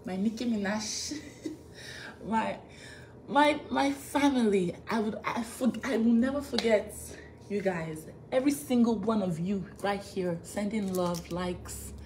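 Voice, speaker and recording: A woman on a live stream, thanking fans over and over, laughing often and drawing out slow thank-yous. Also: mid-range voice, darkish tone, a little hiss or hum. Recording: echoey room with faint ambience.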